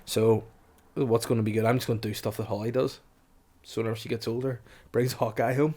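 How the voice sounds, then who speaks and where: A man's voice: mid-range voice, steady tone, a little fast, darkish tone. Crude, laughing man. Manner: crude storytelling, laughs often. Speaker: podcast co-host. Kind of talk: casual comedic chat.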